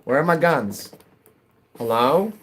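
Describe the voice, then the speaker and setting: A man's voice: medium pitch, expressive, takes it slowly, a bit bright, slight background noise. A man from New England chatting casually with his viewers while gaming, rambling from topic to topic and laughing often. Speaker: live streamer.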